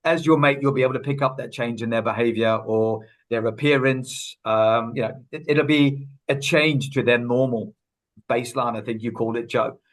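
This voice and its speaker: A man's voice: mid-range voice, fairly even intonation, normal speed, poor audio. A man, a wellbeing officer, speaking in an earnest, anecdotal way in a podcast interview and briefly acting out what people say. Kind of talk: casual interview chat.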